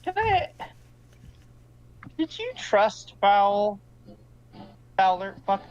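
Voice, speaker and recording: A woman's voice: medium pitch, very animated, drawn-out words, darkish tone, highs cut off. A woman playing in a tabletop game, chatting casually and swearing freely. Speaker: player.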